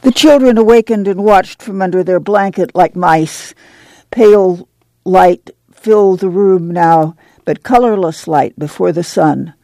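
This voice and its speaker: Audiobook reader, gravelly dark voice, steady measured narration. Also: mid-range voice, dry recording.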